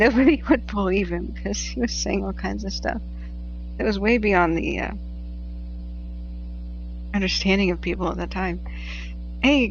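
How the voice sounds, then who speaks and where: A woman's voice: mid-range voice, gravelly, highs cut off, slight background noise. A woman from the Pacific Northwest hosting a casual livestream, chatting, laughing often and reading viewer messages aloud. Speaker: livestream host tracking wildfires.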